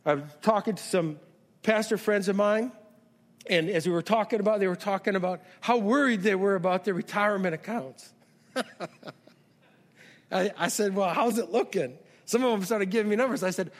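A middle-aged man preaching a sermon as pastor, calling out questions to the congregation and building to shouts. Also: high voice, moderate pace. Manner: call-and-response preaching, rises to shouts. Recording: long hall reverb.

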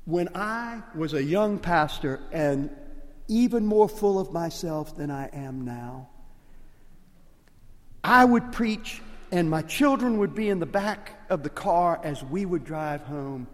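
An older man with a Cajun accent, a pastor preaching a sermon with impassioned swings from hushed to loud. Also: on the high side, lively intonation, slow pace, in a large hall. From Louisiana, USA.

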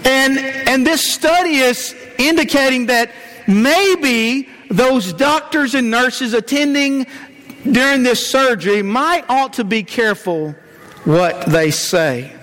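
A preacher delivers a folksy sermon with a high voice. He tells stories with frequent "uh" fillers. The sound lingers in a long church reverb. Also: slow pace, a bit bright. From Georgia, US. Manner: folksy storyteller, many "uh" fillers. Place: church sanctuary.

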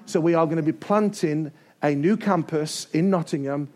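A man preaching a sermon to his church, energetic and building to shouts, with joking asides. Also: fairly high pitch, moderate pace. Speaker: pastor. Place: church service before a congregation.

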